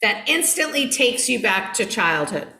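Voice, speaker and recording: A woman's voice: fairly high pitch, measured pace, gravelly, roomy sound, very noisy. A woman hosting a casual chat, asking the guest questions and teasing him. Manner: lively, teasing interviewer. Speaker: host.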